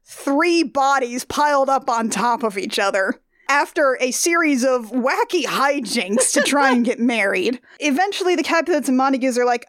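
Woman, high voice, sarcastic casual retelling, dry close sound. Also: moderate pace, no room sound. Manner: sarcastic, animated, acts out characters in quotes. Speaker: podcast co-host. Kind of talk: comedic casual summary.

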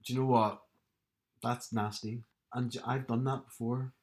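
A man's voice: medium pitch, flat delivery, moderate pace. A man co-hosting a podcast, chatting casually with dry, teasing humor. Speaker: podcast co-host. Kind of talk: casual chat.

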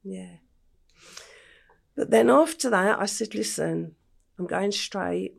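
Older English woman, guest; gravelly, husky voice; unhurried, flat-toned storytelling. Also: medium pitch. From England. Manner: slow, matter-of-fact retelling with quoted dialogue. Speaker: interview guest. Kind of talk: storytelling in a podcast interview.

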